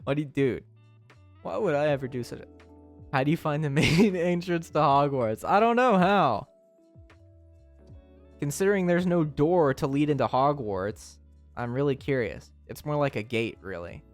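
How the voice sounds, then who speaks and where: A young man streaming and chatting casually with his live chat, teasing and often breaking into high, squealing laughs. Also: expressive, normal speed, faint music behind.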